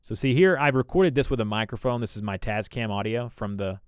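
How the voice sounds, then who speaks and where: A young man with a Southern American accent hosts a livestream, chatting casually with viewers as he edits video, thinking aloud, rambling, and restarting sentences with plenty of fillers. His medium-pitched voice is expressive, fairly quick, clear, and resonant. The recording is dry, with clean studio sound.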